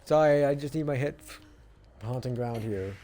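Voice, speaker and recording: A man's voice: mid-range voice, normal speed, dark tone. A man streaming a live game, talking to himself and to the other players in a stop-start, chatty way. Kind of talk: live gameplay commentary.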